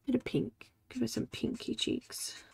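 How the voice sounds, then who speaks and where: A woman in her forties chats her way through a live coloring session at an unhurried pace. Her voice sits a little high. She talks to herself as she works and greets viewers by name. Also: fairly even intonation, gravelly, darkish tone, husky. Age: 40s. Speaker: livestream host. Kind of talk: casual chat while coloring.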